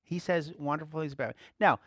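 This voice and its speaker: A man giving conversational Bible teaching as a preacher, relaxed, laughing lightly and repeating key phrases. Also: on the high side, quick pace, no echo, clean studio sound.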